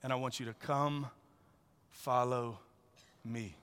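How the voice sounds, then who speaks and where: A man voicing a gentle, compassionate teacher, speaking softly and earnestly. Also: medium pitch, steady tone, clear, resonant tone, pitched below the performer's own voice. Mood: tender. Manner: soft, slow, earnest. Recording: long reverb in a large hall.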